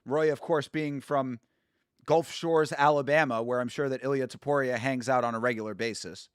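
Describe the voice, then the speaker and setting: A man hosting a watch-along from home, chatting casually, rambling, laughing at his own jokes and sometimes bursting out loud. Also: medium pitch, fairly even intonation, moderate pace, smooth, no room sound, clean studio sound. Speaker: YouTube host doing a watch-along. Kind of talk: casual live commentary.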